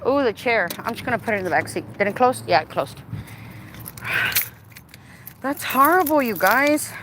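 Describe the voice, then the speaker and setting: A woman's voice: fairly high pitch, sing-song, moderate pace. Playful woman vlogging outdoors by her car. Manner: chatty, playful, talks to her car and viewers. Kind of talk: casual live-stream chat. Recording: outdoor recording with clear background noise.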